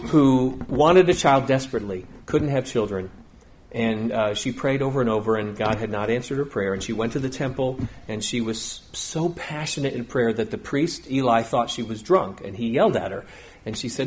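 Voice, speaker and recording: A middle-aged man preaching in an easy, conversational way. His pitch sits in an ordinary middle range. He slips into the people in his stories, briefly giving them voices. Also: normal speed, a little hiss or hum. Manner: conversational storytelling, acts out quotes. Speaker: pastor. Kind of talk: sermon.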